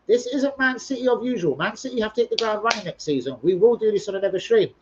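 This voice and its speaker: A man's voice: high-pitched, animated, fast, highs cut off, noisy background. Sweary man hosting a football stream. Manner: rambling, sweary, banter with viewers. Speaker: live stream host. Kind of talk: casual football live stream chat, reading comments.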